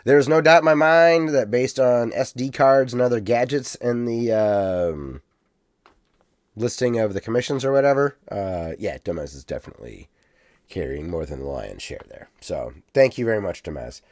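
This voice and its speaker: Lively Ohio-accented man, podcast co-host, casual chatter, dry room. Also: medium pitch, moderate pace, no room sound. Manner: chatty, reads listener comments aloud, laughs easily.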